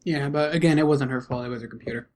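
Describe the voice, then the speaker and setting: A man's voice: mid-range voice, fast, darkish tone. A man co-hosting a podcast in casual chat, giving short agreeing replies and joking back. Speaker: podcast co-host.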